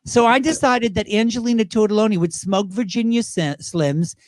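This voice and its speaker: British drag performer guest, high voice, dry close sound, animated storyteller. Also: male voice, no echo. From Great Britain. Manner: animated, quick impressions, laughs while talking. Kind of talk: casual interview storytelling.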